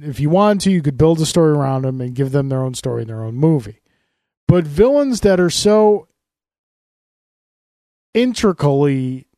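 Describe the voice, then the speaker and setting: A man's voice: fairly high pitch, a little mellow, dry recording, studio quality. A man co-hosting a casual comics podcast, explaining at length in a rambling way with frequent restarts. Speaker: podcast co-host. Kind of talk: casual chat.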